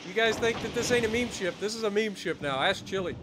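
A man streaming live gameplay commentary, swearing a lot and breaking into excitable laughter. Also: sits high, quick pace, background noise.

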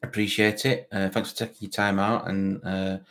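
A man's voice: low-pitched, level tone, normal speed, a bit bright. A man with a broad Barnsley Yorkshire accent, hosting a football fan live stream in rambling casual chat, reading out viewer comments with lots of fillers. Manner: rambling, repeats words, many fillers.

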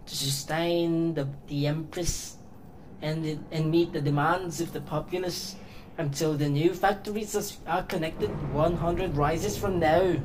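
A woman putting on a voice to read out a solemn record-keeper's log, halting and stumbling over the words. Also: on the low side, darkish tone, slight background noise, poor audio.

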